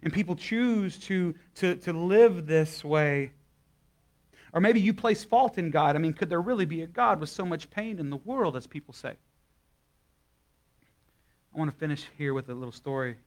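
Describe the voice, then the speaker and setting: Man, sermon, folksy and conversational, fairly high voice. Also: lively intonation, normal speed, long pauses. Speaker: guest pastor. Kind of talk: sermon with story and prayer. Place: church service before a live congregation.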